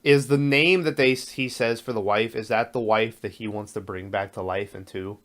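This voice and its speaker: A man's voice: on the low side, steady tone, moderate pace, a bit bright. A man co-hosting a movie podcast, talking in a loose, laid-back way and swearing often. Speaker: podcast co-host. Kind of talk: casual movie chat.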